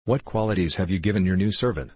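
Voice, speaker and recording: A man's voice: sits low, quick pace, darkish tone, husky, no echo. A man reading the part of a stern old male magician in a storybook, lecturing and matter-of-fact.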